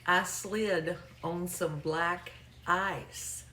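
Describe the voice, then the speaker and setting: A woman voicing a sweet-natured Southern woman caller with a heavy Arkansas accent, talking slowly and plainly. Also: on the low side, expressive, reverberant, far from the mic, a little hiss or hum, lightly acted. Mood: placid. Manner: soft, slow, matter-of-fact drawl.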